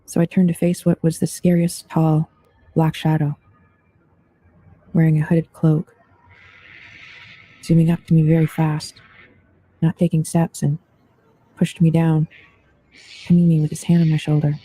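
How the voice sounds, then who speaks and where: A man hosting an open panel, reading listeners' true ghost stories aloud in a steady, even storytelling delivery. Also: a little high, unhurried, pauses often, soft background music. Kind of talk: scripted true-story narration.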